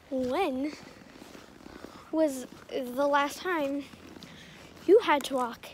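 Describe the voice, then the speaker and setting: High-voiced young female vlogger, slow and sarcastic. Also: slight background noise, low-quality recording. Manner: sarcastic, self-mocking. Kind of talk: casual vlog chat. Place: outdoors on a snowy street.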